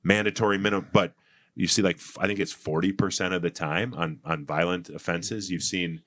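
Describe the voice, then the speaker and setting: A man's voice: deep voice, steady tone, fairly quick, a bit bright, no room sound. A man in his forties from Minnesota, a political candidate guest, talking casually in a folksy, storytelling way.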